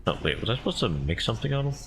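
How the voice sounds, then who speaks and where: A man's voice: fairly low pitch, very animated, racing, slight background noise. A man giving rambling, self-deprecating commentary while playing a video game. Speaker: gamer. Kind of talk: casual gameplay commentary.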